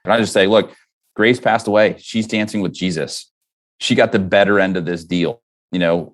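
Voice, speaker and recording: A man with a very low voice shares a personal story as a podcast guest. He is middle-aged and speaks earnestly, with halting restarts and many "you know"s. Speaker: guest, company founder.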